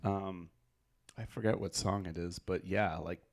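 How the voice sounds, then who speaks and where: A man's voice: low-pitched, steady tone, unhurried. A young man co-hosting a music review stream in casual chat, enthusiastic and chatty, laughing easily. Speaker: co-host reviewing submitted music.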